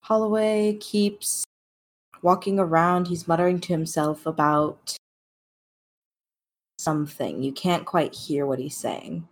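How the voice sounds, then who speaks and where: A woman narrating as game master of a tabletop game, in a slow, relaxed way. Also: sits low.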